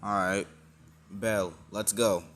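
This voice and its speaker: A man casually voicing a calm, confident young hero. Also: fairly low pitch, slow pace, slight background noise. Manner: casual, self-assured, hardly acted. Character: calm confident young male hero, older brother type.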